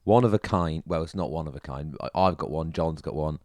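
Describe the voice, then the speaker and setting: A man co-hosting a podcast in a laid-back, halting way with restarts. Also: a bass voice, a little mellow, no echo, clean studio sound. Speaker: podcast co-host. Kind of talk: casual chat.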